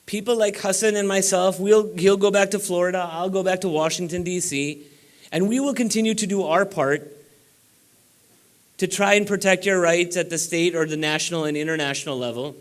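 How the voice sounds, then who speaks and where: A man with a fairly high voice delivers a banquet keynote with emphatic, exhorting energy. He presses his points directly to the crowd in a large banquet room. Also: fairly even intonation, moderate pace. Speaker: keynote speaker. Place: banquet room before about four hundred people.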